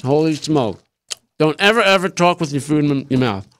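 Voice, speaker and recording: A man's voice: fairly high pitch, lively intonation, normal speed, fairly bright tone, no echo. A man hosting a casual live-stream show from his desk, rambling and joking as he explains a recipe. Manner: rambling, jokey, talks with mouth full. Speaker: show host. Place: small room at a desk.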